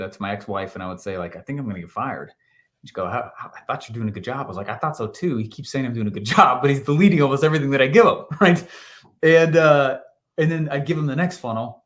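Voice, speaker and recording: A man telling an animated story as an interview guest, laughing often and acting out what people said. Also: mid-range voice. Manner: animated, laughing, acts out quotes. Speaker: guest, marketing entrepreneur.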